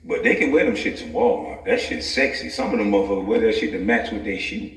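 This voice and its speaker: A man's voice: on the low side, expressive, fast talker, distant mic. Laughing, profane man ranting in an echoey room. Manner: laughs often mid-sentence, loose and profane. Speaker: vlogger. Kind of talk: profane comic rant to camera. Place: home office. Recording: echoey room, voice set back from the mic.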